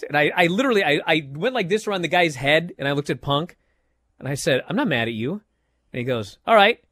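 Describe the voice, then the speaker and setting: A man hosting a podcast, telling a story in casual chat with animated delivery and frequent restarts. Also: on the high side, no echo, studio quality. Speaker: podcast host.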